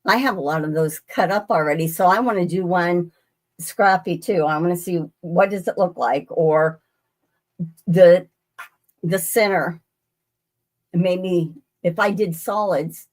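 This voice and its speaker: Lowish and a little mellow, this woman's voice moves slightly slowly with frequent pauses as she hosts a live quilting demonstration from her sewing room. It's casual and rambling, with restarted sentences and viewers welcomed by name.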